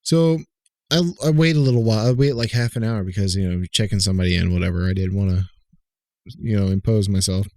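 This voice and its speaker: Podcast co-host, male, low voice, dry close mic, chatty profane storyteller. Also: quick pace, darkish tone, no room sound. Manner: rambling, profane, retells calls in quoted voices. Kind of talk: casual storytelling chat.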